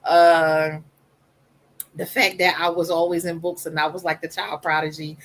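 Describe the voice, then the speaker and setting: A woman speaking candidly on a podcast about her own life, emphatic and animated, with a soft voice. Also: on the low side, normal speed, a little hiss or hum, low-quality recording. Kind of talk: candid personal storytelling.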